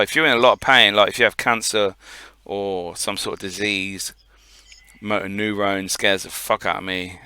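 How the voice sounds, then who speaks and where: A man with a bright, crisp, smooth voice co-hosts a casual podcast chat. He is blunt, fires off quick quips and swears freely. The sound is dry and close on a studio podcast mic. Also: on the low side, dry recording. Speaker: podcast co-host.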